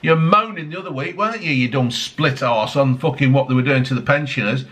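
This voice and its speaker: A man's voice: medium pitch, a little fast, a bit bright. A man ranting angrily on his vlog, swearing heavily, mocking people and piling on tag questions. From United Kingdom. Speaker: vlogger. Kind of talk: angry political rant.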